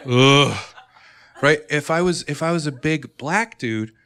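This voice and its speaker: Self-mocking male stand-up comic. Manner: self-mocking, jumps into high-pitched excited outbursts. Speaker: stand-up comedian. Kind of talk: stand-up routine. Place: comedy club stage.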